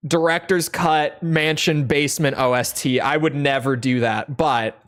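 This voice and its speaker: A woman's voice: deep voice, fairly even intonation, measured pace. A woman streaming a game, chatting casually, rambling and correcting herself as she goes. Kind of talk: casual live-stream chat.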